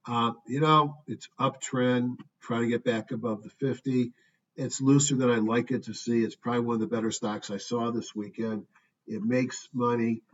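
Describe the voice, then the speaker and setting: Guy thinking out loud over stock charts, kinda far from a muffled mic. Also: medium pitch, fairly even intonation, normal speed. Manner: offhand, thinking aloud with fillers. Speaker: stock market commentator. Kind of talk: casual screen-share market review. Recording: dull distant mic with faint noise.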